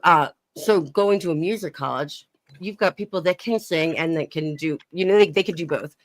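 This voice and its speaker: A woman's voice: sits low, normal speed, dry recording. A young woman chatting casually on her live stream, reading chat messages aloud and laughing often.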